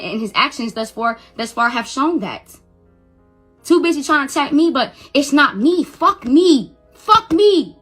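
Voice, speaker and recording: Agitated high bright-voiced woman. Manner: agitated, repetitive, stammering restarts. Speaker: mother defending herself. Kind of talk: heated live-video rant.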